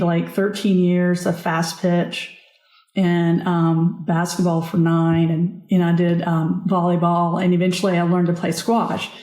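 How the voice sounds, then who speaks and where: Mellow-voiced woman in an echoey room. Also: on the low side. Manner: earnest, halting, with frequent restarts. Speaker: podcast guest. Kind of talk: candid personal storytelling.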